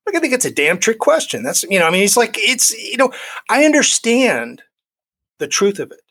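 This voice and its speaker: A man's voice: high voice, sing-song, normal speed, a bit bright, husky. A middle-aged man in his forties, a guest telling a personal recovery story, acting out the dialogue he quotes.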